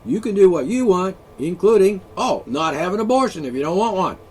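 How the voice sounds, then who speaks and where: A man's voice: high-pitched, animated, brisk, darkish tone, breathy edge. A man vlogging an angry solo rant, profane, sarcastic and mocking.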